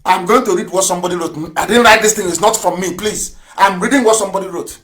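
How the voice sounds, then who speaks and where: Fiery man on live radio. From Nigeria. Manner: fiery, mocking, rapid rhetorical questions; swings between loud outbursts and low mutters. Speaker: broadcaster.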